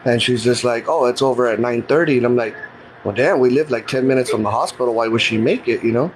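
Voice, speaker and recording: A man's voice: mid-range voice, fast, slight background noise, rough recording. A middle-aged man telling a personal story in a casual, earnest, plain-spoken way, often retelling what people said to him. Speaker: guest telling his story.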